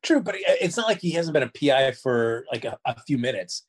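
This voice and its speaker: A man's voice: medium pitch, sing-song, fairly quick. A man co-hosting a casual recap chat, easygoing and mildly exasperated. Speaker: show co-host.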